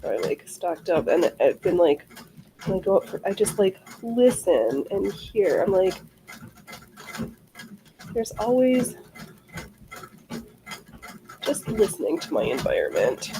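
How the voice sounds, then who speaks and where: A woman's voice: mid-range voice, big pitch swings, takes it slowly, pauses often, warm tone, slight background noise, low-quality recording. A woman hosting a livestream, chatting casually and rambling as she answers chat comments, with frequent swearing. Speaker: livestream host.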